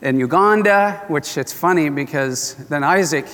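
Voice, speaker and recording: A man's voice: on the high side, moderate pace, fairly bright tone, long reverb tail. An older man preaching as a pastor, telling a story in an earnest, conversational way. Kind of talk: sermon with storytelling.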